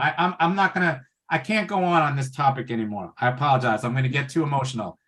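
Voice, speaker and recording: A man's voice: mid-range voice, fast, hardly any pauses, fairly bright tone. A man giving a passionate, conversational webinar talk on pulmonary wellness over a video call, often checking in with "right?".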